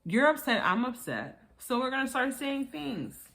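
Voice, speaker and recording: A woman's voice: big pitch swings, moderate pace, fairly bright tone. Chatty woman reviewing reality TV. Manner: chatty, acts out quotes in high voices; frequent laughter. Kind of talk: casual commentary.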